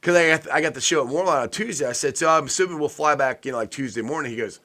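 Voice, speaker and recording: A man's voice: a little high, racing. A man co-hosting a casual sports podcast, telling stories with lots of laughter and acted-out quotes. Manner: animated storyteller, laughs often, acts out quotes. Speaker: podcast co-host.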